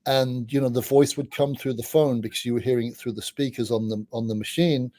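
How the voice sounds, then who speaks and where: A middle-aged man, a podcast guest, telling anecdotes in a chatty way, often restarting his sentences and dropping in quick asides. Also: mid-range voice, steady tone, warm tone, no room sound. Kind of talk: casual anecdotal storytelling.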